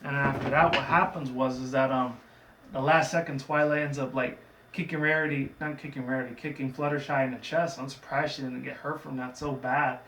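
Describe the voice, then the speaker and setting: A man's voice: medium pitch, flat delivery, fairly quick, fairly bright tone. Rambling man recapping a cartoon. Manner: chatty, digressive, with frequent fillers and laughs. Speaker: cartoon episode reviewer. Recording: roomy, from a distant mic, faint background noise.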